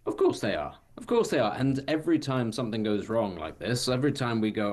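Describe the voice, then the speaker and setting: A man's voice: fairly low pitch, sing-song, a little fast, hardly any pauses. A man, a guest commentator on a radio show, dry and sarcastic in his opinions.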